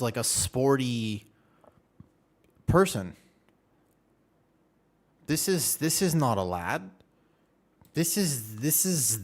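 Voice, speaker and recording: A man's voice: medium pitch, very animated, drawn-out words, pauses often. A man in his twenties, a game streamer chatting casually and jokingly with his viewers in a rambling way. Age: 20s. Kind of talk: casual live-stream chat.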